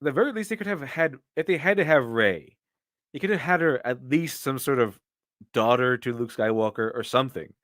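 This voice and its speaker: A man's voice: medium pitch, animated, a little fast, fairly bright tone, dry recording, clean studio sound. A man doing casual live-stream commentary and answering viewer donations, with rambling, opinionated talk full of restarts.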